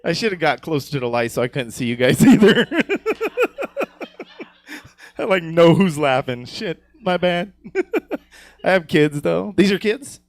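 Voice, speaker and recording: A man's voice: a little high, very animated, a little slow, long pauses, no echo. A man doing a live stand-up set on a comedy stage, crude and rambling, laughing at his own jokes and often asking "you know what I'm saying".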